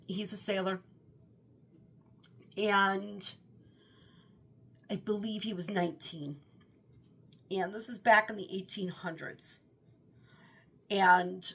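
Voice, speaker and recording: A woman chats through a casual book review at an unhurried pace. Her voice sits slightly low. She rambles and often stops to rephrase herself mid-thought. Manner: rambling, self-correcting with fillers.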